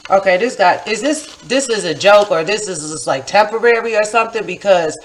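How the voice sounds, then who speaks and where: Woman about 40 telling a story, chatty and animated, lots of "like" and "you know". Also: mid-range voice, fairly quick, a little hiss or hum, rough recording. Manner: acts out her own past remarks in a livelier voice. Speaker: poet and vlogger. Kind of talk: casual personal storytelling.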